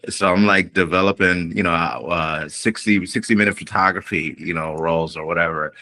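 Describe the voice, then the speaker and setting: A man's voice: sits low, steady tone, normal speed, pushed and bright. A male R&B singer telling a long story in a podcast interview, acting out the quoted voices as he goes. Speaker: guest singer.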